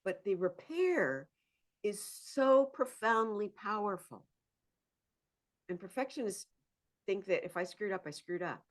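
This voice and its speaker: A woman's voice: mid-range voice, a little slow, long pauses. A woman, a psychotherapist turning to coaching, talking animatedly as a podcast guest. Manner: animated, acts out inner voices and laughs often. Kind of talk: conversational interview.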